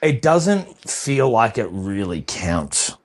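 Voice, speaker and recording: A man's voice: fairly low pitch, sing-song, takes it slowly. A man with an Australian accent co-hosting a sports podcast, laid-back and swearing in casual banter. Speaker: podcast co-host.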